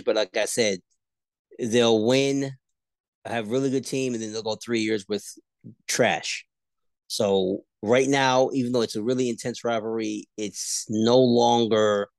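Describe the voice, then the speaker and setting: A man co-hosting a casual sports podcast, debating rivalries and jumping high in pitch when he argues. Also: dry recording. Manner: animated, pitch jumps high when arguing.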